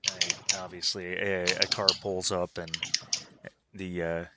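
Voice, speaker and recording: A man's voice: low voice, little pitch movement, takes it slowly, very noisy. A man narrating as game master for a tabletop game, talking casually with many fillers and restarts.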